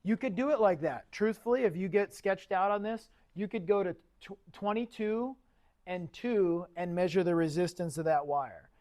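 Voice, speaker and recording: A man's voice: high voice, normal speed, darkish tone. A man teaching an automotive class in a chatty, casual lecture style, often asking the students questions. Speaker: automotive instructor.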